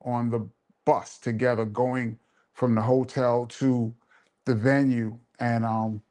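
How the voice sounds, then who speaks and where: A man's voice: mid-range voice, level tone, slow pace, warm tone. A man hosting a live show and telling a laid-back, laughing story in casual street slang. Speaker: host and DJ.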